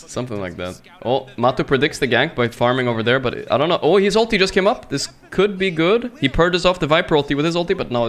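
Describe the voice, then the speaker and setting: A male streamer talks casually at a middle pitch, loose and joking, cursing now and then. He flips between banter and quick game commentary. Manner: loose, joking, swears freely.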